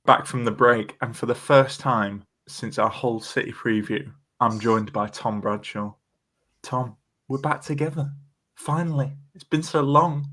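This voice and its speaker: A man's voice: medium pitch, measured pace, fairly bright tone. Chatty male podcast host. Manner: chatty, self-deprecating, lots of fillers. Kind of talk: casual podcast chat.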